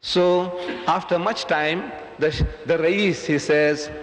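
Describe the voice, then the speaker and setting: Male lecturer, lively storyteller, high voice, echoey hall. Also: slow pace, a little hiss or hum. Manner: animated storyteller acting out voices.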